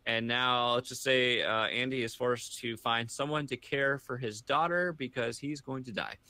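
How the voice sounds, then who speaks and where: A podcast co-host chats casually, rambling and restarting his sentences many times. His mid-range voice sounds pushed and bright, and he talks at a normal speed.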